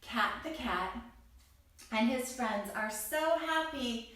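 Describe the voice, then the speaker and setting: A woman reads a yoga story aloud for children at a very unhurried pace, her voice sitting a little high. She turns playful, calling out bright greetings. She stands back from the mic in a very echoey room. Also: animated. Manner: playful, greets the listener with bright rising calls. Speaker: kids yoga teacher. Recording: roomy echo from far off.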